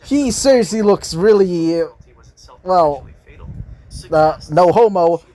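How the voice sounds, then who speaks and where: A man's voice: high-pitched, lively intonation, slow, warm tone. Rambling man reading a fan story. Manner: rambling, often correcting himself mid-sentence. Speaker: fan fiction narrator.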